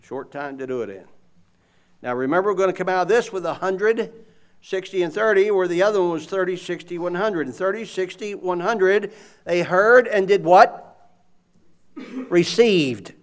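High-voiced preacher man. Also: normal speed. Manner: animated, conversational, audience call-and-response. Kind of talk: sermon.

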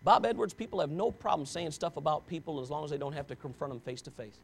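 A man's voice: a little high, animated, fast talker, creaky, breathy edge. A pastor preaching a sermon to his congregation, talking straight at them in an impassioned, conversational way and pressing them with rhetorical questions.

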